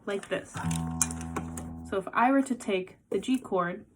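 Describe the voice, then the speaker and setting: A woman's voice: mid-range voice, measured pace. A woman giving a casual songwriting lesson, patiently explaining and counting beats aloud, with guitar playing behind her. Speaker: music teacher.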